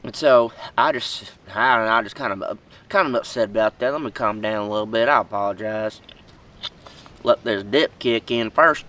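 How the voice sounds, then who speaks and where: A man's voice: on the low side, normal speed, sharp tone, far from the mic, rough recording. A man playing an aggrieved, rambling redneck in a comedic monologue, with a tobacco dip in his mouth. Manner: rambling, folksy, loses his thread.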